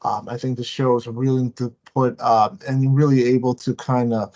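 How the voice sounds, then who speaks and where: A man's voice: medium pitch, moderate pace. A man co-hosts a casual podcast review. He sounds giddy and rambles, often restarting his sentences. The recording has a slightly dull, lo-fi sound. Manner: rambling, excited, many restarts. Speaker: podcast co-host.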